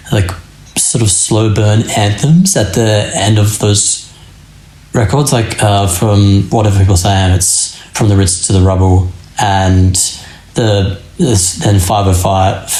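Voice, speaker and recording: Young man, band singer, low voice, rambling podcast talk, echoey room. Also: darkish tone. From Australia. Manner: rambling, loose, many fillers and restarts. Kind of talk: casual podcast chat. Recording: roomy echo.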